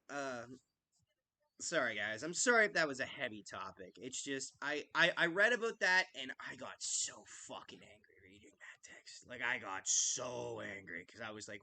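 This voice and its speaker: A man's voice: medium pitch, big pitch swings, normal speed, bright, forceful tone. A man hosting a live hockey watch-along podcast, ranting with passion and swearing, full of "like" fillers and restarts. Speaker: podcast host. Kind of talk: casual live-stream commentary.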